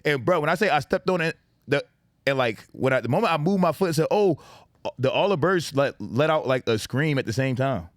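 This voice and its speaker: A man in his thirties co-hosts a loose chat, telling stories with swearing and laughter. His pitch rises and falls widely as he acts out the people in them. The recording is dry and close. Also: fairly quick, dry recording. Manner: animated, swears a lot, laughs often, acts out voices in stories. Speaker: podcast co-host. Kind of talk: casual storytelling chat.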